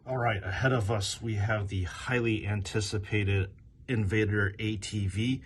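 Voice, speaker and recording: A man's voice: lowish voice, darkish tone, husky. A man hosting a casual product review, with upbeat, detail-focused commentary. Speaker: toy reviewer host.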